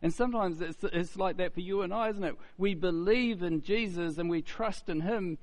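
A man's voice: high voice, moderate pace. A man preaching a sermon in a conversational way, often asking "isn't it?" and repeating words as he goes.

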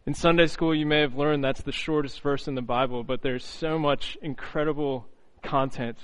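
A man preaching an earnest, reflective sermon, often pausing on "you know" and restarting phrases. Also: a little high, steady tone, fairly bright tone, low-quality recording.

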